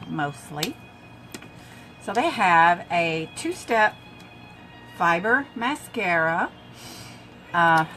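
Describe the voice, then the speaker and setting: A woman's voice: fairly low pitch, a bit bright. Chatty older woman doing makeup. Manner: chatty, talks to viewers while applying makeup. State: coughing from a throat tickle. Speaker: makeup vlogger. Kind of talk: casual makeup tutorial.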